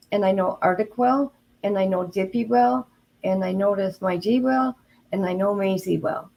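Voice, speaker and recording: A woman's voice: medium pitch, a little mellow, poor audio. An older woman hosting a casual livestream, chatty and earnest, talking straight to her viewers and openly emotional. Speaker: livestream host.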